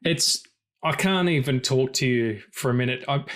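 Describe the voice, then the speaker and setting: A man co-hosting a film podcast in casual chat, talking passionately and swearing freely, his pitch jumping high when he gets excited. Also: normal speed. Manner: passionate and emotional about stories. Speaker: podcast co-host.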